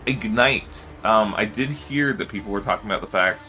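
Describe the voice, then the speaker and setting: A man's voice: lowish voice, normal speed, pushed and bright, faint music behind. A man streaming and chatting casually, rambling with lots of fillers and loose swearing. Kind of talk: casual livestream chat.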